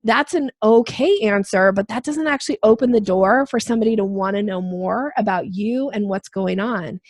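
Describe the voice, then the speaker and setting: A woman sales trainer answering interview questions, explaining with lively acted-out examples. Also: mid-range voice, normal speed, no room sound, studio quality. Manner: animated, acts out quoted voices.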